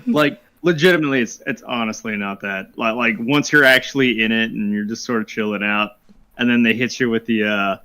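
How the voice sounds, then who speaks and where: A man's voice: lowish voice, brisk, pushed and bright. Rambling, laid-back man chatting. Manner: rambling, swears, trails off laughing. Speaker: tabletop game player. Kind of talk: casual chat.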